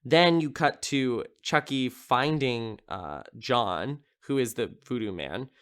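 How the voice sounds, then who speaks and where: A man's voice: medium pitch, animated, takes it slowly, fairly bright tone, clean tone. A man hosting a podcast, casually recapping a horror film in a rambling, amused way, with lots of filler words. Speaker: podcast host.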